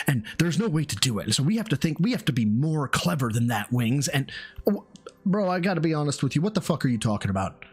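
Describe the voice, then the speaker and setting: A man's voice: fairly high pitch, sing-song, fairly quick, slightly rough. A man hosting a live stream who mocks the people in the clip, laughs a lot, swears freely and acts out impressions of them. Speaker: stream host reacting to a clip.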